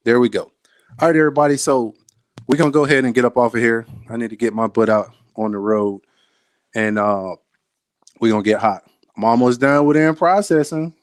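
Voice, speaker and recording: A man's voice: medium pitch, dry recording. Emphatic man giving a motivational talk. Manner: emphatic, repeats phrases, speaks directly to the viewer. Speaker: soldier giving motivational talks.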